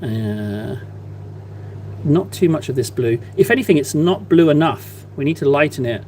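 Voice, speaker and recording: A man with a slightly higher-than-usual voice chats playfully with his live-stream viewers while he paints miniatures, teasing them in a mock-innocent way. A faint hum sits under the recording. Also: expressive, normal speed, a little mellow. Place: at a desk, painting.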